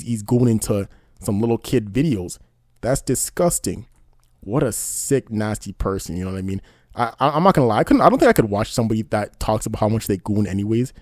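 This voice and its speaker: A man's voice: on the low side, darkish tone, no echo, clean studio sound. A man doing casual online commentary, indignant and rambling, often asking "you know what I mean". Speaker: commentary YouTuber.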